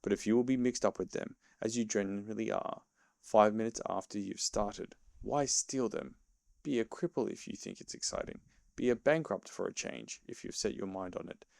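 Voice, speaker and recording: A man's voice: on the low side, normal speed, gravelly, a little mellow, dry recording, studio quality. A man voicing a sensible, serious male water rat in a storybook reading, lecturing his friend. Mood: reproachful.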